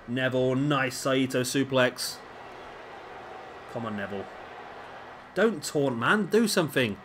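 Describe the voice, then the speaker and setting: A man hosting a gaming channel, giving excitable let's-play commentary on a wrestling game and urging the wrestlers on aloud. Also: medium pitch, measured pace, long pauses, a little hiss or hum.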